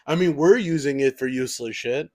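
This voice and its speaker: A man's voice: mid-range voice, brisk, a little mellow, dry recording. A young man co-hosting a podcast, chatting casually, joking and swearing, with lots of "like". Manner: joking, swearing, heavy use of "like". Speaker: podcast co-host. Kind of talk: casual chat.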